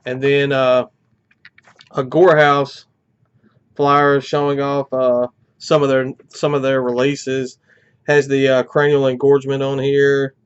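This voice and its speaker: A man's voice: mid-range voice, level tone, slow pace, smooth, lo-fi sound. Congested man rambling through an unboxing. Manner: rambling, many "uh" fillers. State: congested, a little out of breath. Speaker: metal music channel host. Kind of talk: casual unboxing chat. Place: at home.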